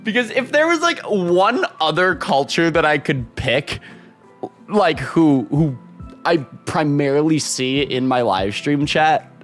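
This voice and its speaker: Animated, rambling male streamer. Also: on the high side, slow, soft background music. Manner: animated, rambling, reads chat aloud and laughs often. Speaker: live streamer. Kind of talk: casual chat with live stream viewers.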